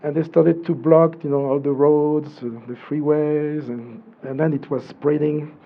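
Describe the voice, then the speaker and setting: A man with a French accent, a professor on a panel, talking haltingly and searching for English words. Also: a little high, little pitch movement, phone-quality sound. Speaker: guest professor. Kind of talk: panel discussion.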